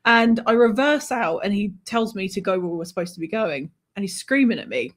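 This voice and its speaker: A woman guest recounts a personal story in an animated, chatty way. She laughs easily and swears freely. Her voice sits at an ordinary middle pitch. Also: brisk. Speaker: author guest. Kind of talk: conversational storytelling.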